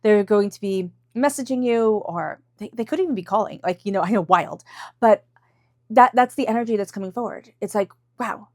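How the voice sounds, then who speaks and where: A woman talks through a tarot reading in a chatty, reassuring way, slipping into quick quoted voices and laughing often. Her pitch sits in a middle range. The sound is dry and close, with no room around it. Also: dry recording. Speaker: tarot reader. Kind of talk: casual tarot reading to camera.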